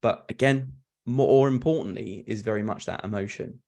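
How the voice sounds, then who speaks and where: A man, a fraud prevention speaker, explaining in an earnest, animated way on a video call, often restarting and repeating words. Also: fairly low pitch, normal speed, vocal fry. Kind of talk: webinar fireside chat.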